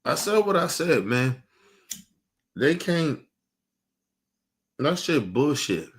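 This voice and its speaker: Man stream host, fiery profane rant, slightly high voice. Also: very animated, takes it slowly. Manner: heated, profane, repetitive ranting.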